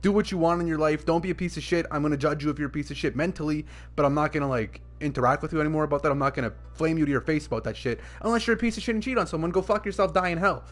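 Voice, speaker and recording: A young man streaming, ranting about a story in a casual, profane, animated way. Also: a little high, rapid-fire, hardly any pauses.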